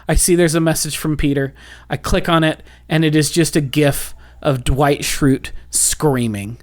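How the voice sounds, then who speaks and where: A man's voice: a little high, steady tone, measured pace. A man co-hosting a podcast, telling stories in a playful, teasing way. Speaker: podcast co-host. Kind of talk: casual film review chat.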